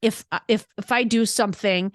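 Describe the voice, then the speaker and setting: Middle-aged woman, podcast guest, candid storyteller who acts out both sides of a conversation; mid-pitched, close and dry. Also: fairly quick, no echo. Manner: animated, quotes herself and her son in dialogue.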